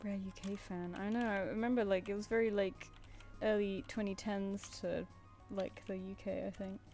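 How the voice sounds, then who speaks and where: A woman's voice: mid-range voice, level tone, moderate pace, mellow, faint music behind. A young British woman chatting casually while she draws live commissions, cooing playfully at her pet between remarks. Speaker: streamer drawing live commissions. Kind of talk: casual chat while drawing.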